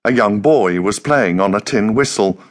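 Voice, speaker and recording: A man narrating a novel as an audiobook in a measured, unhurried storytelling manner. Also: fairly low pitch. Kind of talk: scripted narration.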